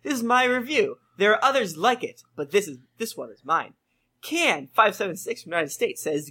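Man, podcast co-host, very animated delivery, bright tone, jokey review reading. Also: high-pitched. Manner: jokey, reads aloud with playful emphasis. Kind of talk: casual chat among friends.

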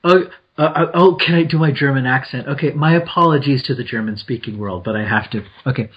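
A man's voice: mid-range voice, brisk, hardly any pauses, slightly rough, dull audio. A man co-hosting a podcast in casual chat, giggling often and rambling through explanations with many restarts. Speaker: podcast co-host.

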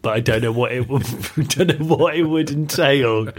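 A man's voice: medium pitch, moderate pace, a little hiss or hum. A man co-hosting a podcast, chatting casually with playful, mock-indignant rants. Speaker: podcast co-host. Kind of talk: casual chat.

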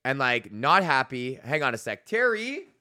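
A man's voice: mid-range voice, normal speed, pushed and bright, no room sound, studio quality. A man hosting a solo podcast, telling road stories in a rambling, profane way with many fillers, from a home setup. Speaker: podcast host and comedian.

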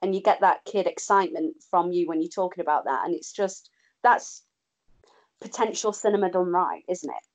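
Reflective woman, lowish voice. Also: moderate pace. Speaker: podcast co-host. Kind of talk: casual chat.

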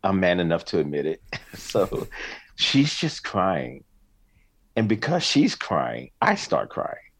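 Speaking low and slowly with vocal fry and a breathy edge, this middle-aged singer-songwriter is animated in a relaxed interview. He laughs often and tells his stories with real emotion.

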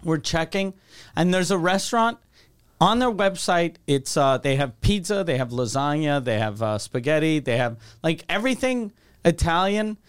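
A comedian co-hosting a podcast, chatting casually and dropping dry one-liners. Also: male voice, a little high, expressive, normal speed, clear, resonant tone.

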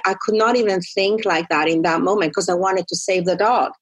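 A woman's voice: lowish voice, a little fast. A woman in casual conversation, talking animatedly and acting out quotes as she tells stories. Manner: animated storyteller, acts out quotes.

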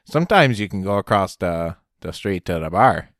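A man's voice: low-pitched, expressive, normal speed, a bit bright, no echo, clean studio sound. A man co-hosting a casual podcast chat, playful and jokey, now and then putting on mock accents. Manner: playful, jokes, puts on mock accents and sound effects. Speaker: podcast co-host.

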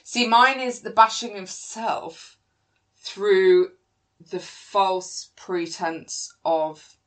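A woman's voice: medium pitch, drawn-out words. Candid sweary woman host. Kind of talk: casual chat.

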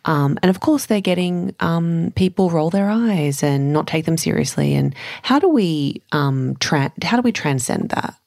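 A woman interviewing a guest, asking a question haltingly with fillers. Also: sits low, animated, vocal fry, a little mellow, no echo, clean studio sound. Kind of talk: casual conversational interview.

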